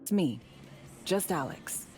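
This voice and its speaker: A burnt-out female corporate operative in a video game, longing for a normal life. Her voice sits fairly low, tired and candid. She speaks in a subdued, frank way. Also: expressive, slow pace, darkish tone, faint music behind. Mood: weary.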